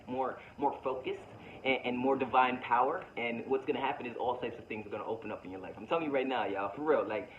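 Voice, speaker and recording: A man's voice: mid-range voice, slight background noise. Guy vlogging, preachy and slangy, keeps repeating himself, muffled sound. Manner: preachy, slangy, repetitive, addresses viewers as baby. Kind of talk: motivational vlog monologue.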